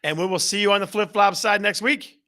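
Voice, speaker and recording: A man's voice: sits high, brisk, sharp tone. A man from Michigan hosting a live real estate show, upbeat and joking as he rallies the chat. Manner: hyped, jokey, rallying the chat. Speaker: show host.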